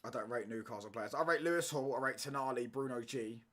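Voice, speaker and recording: Slangy young lad chatting football. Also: male voice, mid-range voice, fast talker. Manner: animated, slangy banter with the chat. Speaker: football watchalong streamer. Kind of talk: casual chat. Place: home streaming setup.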